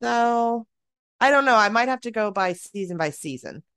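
A woman in her thirties co-hosting a casual podcast. She sounds chatty and animated and often says "like." The recording is dry and close, with no room sound. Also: a little high, moderate pace, clean tone, no room sound. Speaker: podcast co-host.

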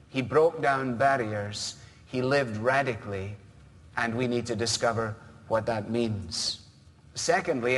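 A man preaching a sermon as pastor, measured and earnest, now and then mimicking other people's voices. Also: medium pitch, long reverb tail.

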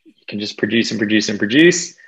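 A young Australian man chatting casually as an interview guest, self-deprecating and quick to laugh, with plenty of fillers. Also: on the low side, lively intonation, a bit bright, rough recording. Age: young adult. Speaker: guest DJ and producer.

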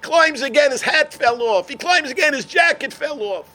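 An older man, a rabbi, telling stories in a sermon, swinging from shouts to hushed words. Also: extremely high pitch, animated, normal speed. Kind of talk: sermon storytelling.

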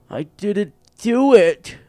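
A man voicing a chained, sullen beast that only repeats the same denial in a shrill, drawn-out whine. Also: lively intonation, a little mellow, dry recording, clean studio sound, heavily acted. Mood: insistent denial.

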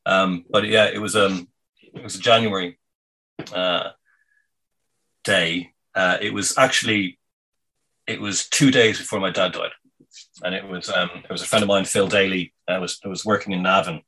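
A man telling a casual anecdote in a meandering, halting way, full of ums and restarts. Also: deep voice, steady tone, sharp tone, slight background noise, poor audio. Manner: meandering, halting, many fillers. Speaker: storyteller.

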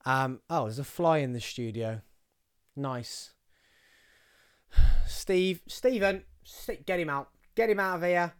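A man's voice: on the high side, slow, pauses often, clean tone, dry recording, studio quality. A man with an English accent hosting a podcast in casual chat, chatty, self-mocking and easily distracted. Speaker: podcast host. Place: small studio. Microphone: studio microphone.

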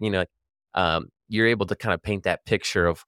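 A man's voice: low-pitched, fairly even intonation, fast, fairly bright tone, dry recording, studio quality. A man hosting a podcast interview, talking loosely and casually with lots of fillers. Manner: loose and chatty, many fillers like "like" and "you know". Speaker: podcast host.

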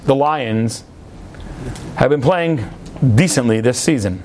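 A man teaching a class as a rabbi, explaining ideas with lively, acted-out sports stories. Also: medium pitch, slow pace, a little hiss or hum. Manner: lively storyteller, acts out yelling at a TV.

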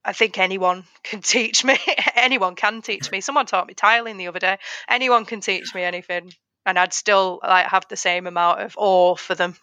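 A woman's voice: mid-range voice, fairly even intonation, normal speed, sharp tone, no echo, muffled recording. A woman teacher and author as a podcast guest, talking with enthusiasm and often restarting her sentences. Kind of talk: podcast interview.

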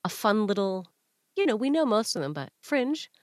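A young woman from Canada, a comedian guest on a podcast, joking and chatting in an animated, rambling way. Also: mid-range voice, moderate pace, no echo, studio quality. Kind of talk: casual chat.

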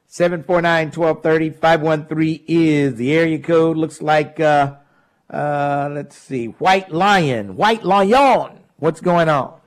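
A man's voice: on the high side, slow pace. A man hosting a call-in talk radio show, laughing and mocking callers. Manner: animated, laughs often, mocks callers.

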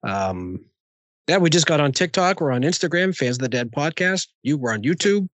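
A man's voice: fairly high pitch, lively intonation, normal speed, a bit bright, no echo. A man, a guest on a podcast in laid-back casual chat.

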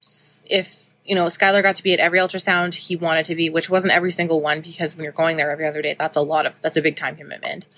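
A woman's voice: low voice, level tone, fast talker, hardly any pauses, fairly bright tone. A woman in her thirties hosting a podcast, telling a personal story in a candid, chatty way with lots of ums and likes. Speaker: podcast host.

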